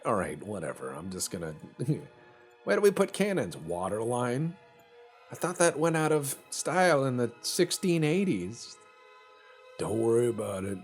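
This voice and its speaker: A man's voice: mid-range voice, sing-song, measured pace, faint music behind. A man hosting a let's play, rambling in casual, profane, joking gameplay commentary.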